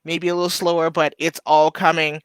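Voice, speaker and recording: Reading viewer comments in a casual live chat, a livestream host talks briskly and loosely, full of fillers, his voice a little high with a level tone that stays bright and crisp. Emotion keeps welling up and he struggles against tears. The close, dry recording has no room sound.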